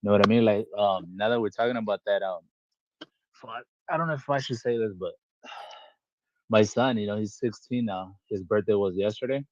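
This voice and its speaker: Podcast co-host, man, lowish voice, candid and profane, dry muffled recording. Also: a little fast, a little mellow, dry recording. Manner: blunt, profane, rambling with many fillers. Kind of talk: candid casual chat. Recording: dull, dry lo-fi audio.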